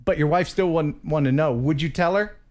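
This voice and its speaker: A man's voice: on the high side, a little fast, a little mellow. A man hosting a casual live stream who laughs often and reads viewer messages aloud. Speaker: host.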